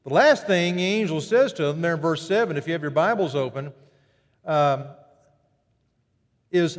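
Animated high-voiced male preacher in reverb. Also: normal speed. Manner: animated, acts out quoted voices with big pitch jumps. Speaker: pastor. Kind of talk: sermon.

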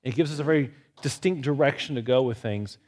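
A man's voice: mid-range voice, fairly quick, darkish tone. A man leading a church Bible study in a conversational teaching style, mixing lighthearted personal stories with Scripture. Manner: anecdotal, lightly humorous.

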